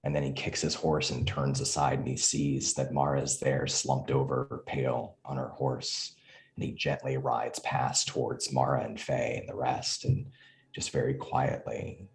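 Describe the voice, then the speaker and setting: A man playing a tabletop role-playing game, describing his character's actions in measured, descriptive narration. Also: extremely low pitch, little pitch movement, gravelly. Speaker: player.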